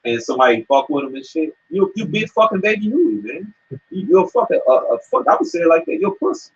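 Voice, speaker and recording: A man preaching heatedly in a scripture discussion, profane and stammering, with a husky voice. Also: fairly high pitch, very animated, fast, a little hiss or hum. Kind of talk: heated street preaching chat. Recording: dull lo-fi sound.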